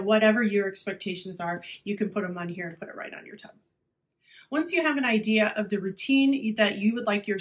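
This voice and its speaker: Woman, teacher type, casual how-to talk, easygoing with lots of "you know". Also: medium pitch. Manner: chatty, many fillers, drops to a quiet, hushed voice at times. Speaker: teacher giving classroom tips.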